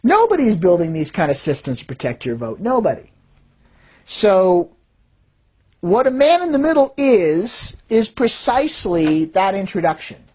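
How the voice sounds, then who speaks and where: A woman who designs fraud detection systems, giving an explanatory talk in a lively way and acting out the voices she quotes. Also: mid-range voice, a little slow.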